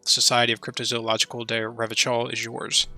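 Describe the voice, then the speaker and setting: A man's voice: medium pitch, completely flat delivery, a little fast, gravelly, sharp tone, soft background music. A man voicing an elderly male cryptozoologist who speaks in a formal, effusive way, read aloud in a game playthrough. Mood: emotional. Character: elderly male cryptozoologist, earnest, grateful, eager.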